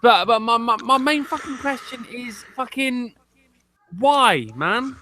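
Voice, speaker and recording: Sweary British male guest, bright tone, halting delivery, group call. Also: very high voice, slight background noise. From United Kingdom. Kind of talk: casual group chat.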